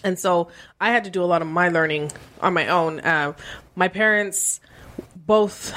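A woman from Canada, a guest author and property manager, talking candidly on a panel with slang and animated storytelling. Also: on the low side, moderate pace. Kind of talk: casual panel chat.

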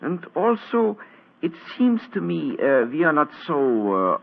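An actor playing an injured German count with a German accent, who speaks haltingly with many hesitations, in 1940s radio acting. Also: male voice, fairly high pitch, sing-song, vocal fry, full character voice. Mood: weak, urgent. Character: injured German count, weak, formal, grave. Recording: tinny old radio broadcast.

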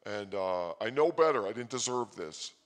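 Excitable rambling male comic. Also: fairly low pitch. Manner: excitable, loud bursts, quick asides. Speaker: comedy host.

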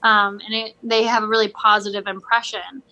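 Bright-voiced woman, hesitant and wry. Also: mid-range voice, little pitch movement, normal speed, dull audio. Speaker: podcast co-host. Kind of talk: casual book discussion.

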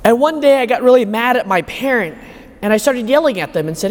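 A man with a high voice preaches a homily. He drives his points home with rhetorical questions, and his voice rings with the long reverb of a large church. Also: lively intonation, brisk. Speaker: homilist at Mass. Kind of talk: sermon. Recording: echoey church hall.

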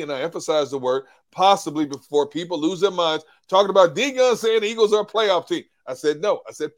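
A man talking as an analyst on a post-game show, animated, repeating words and acting out quotes from others. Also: a little high, brisk, few pauses. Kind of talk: casual sports talk.

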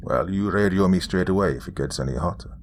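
A man's voice: deep voice, quick pace, darkish tone, slight background noise. A man voicing a caring space station commander who talks over the radio, earnest and concerned.

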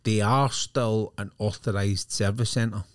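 A man's voice: on the low side, steady tone, measured pace, no echo, studio quality. A man co-hosting a podcast, rambling in casual chat and often checking that he is understood. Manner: rambling, often adds "do you know what I mean". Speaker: podcast co-host.

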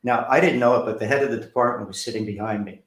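A man's voice: mid-range voice, fast talker, reverberant. A man from New Jersey, an author and director, telling stories from his life in an interview and acting out the people in them. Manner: animated storyteller who acts out quoted voices. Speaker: author and film director, guest. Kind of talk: storytelling interview.

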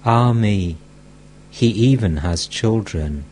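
A man's voice: on the low side, lively intonation, takes it slowly, a little mellow, slight background noise. A man reading the part of an elderly mystic teacher who scolds bluntly and speaks with affection.

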